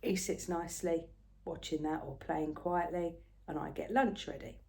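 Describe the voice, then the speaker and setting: An older woman, telling a rambling everyday story in a casual, chatty way, often soft and murmured. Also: fairly low pitch, steady tone, moderate pace, vocal fry. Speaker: craft vlogger.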